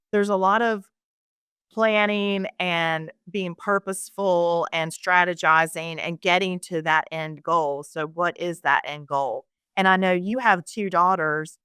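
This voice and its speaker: A woman's voice: fairly low pitch, a bit bright, smooth, no echo, clean studio sound. A middle-aged woman hosting a podcast, chatty and rambling as she tells stories and asks questions. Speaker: podcast host. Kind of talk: casual interview chat.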